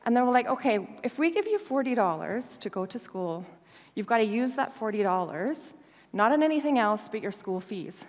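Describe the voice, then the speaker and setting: Animated woman telling a story in a hall. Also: fairly high pitch, moderate pace. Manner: animated, laughing storyteller acting out dialogue. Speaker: guest speaker. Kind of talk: storytelling talk. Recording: long hall reverb.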